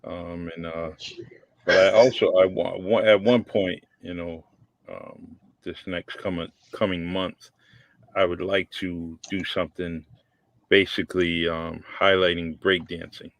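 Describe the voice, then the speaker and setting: A man hosting a casual on-air radio chat, halting and full of fillers. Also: low-pitched, little pitch movement, gravelly, dry recording. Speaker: radio host.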